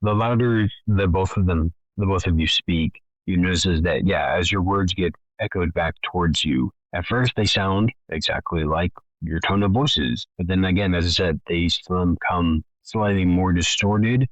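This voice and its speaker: A man's voice: deep voice, moderate pace, hardly any pauses, no room sound, muffled recording. A man narrating a tabletop game as game master over a voice call, describing scenes at length. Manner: descriptive, laughs while narrating.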